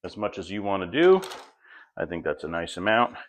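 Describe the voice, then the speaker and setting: A middle-aged man hosting a home cooking demonstration, walking through each step in a relaxed, chatty way. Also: deep voice, fairly quick. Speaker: home cook host.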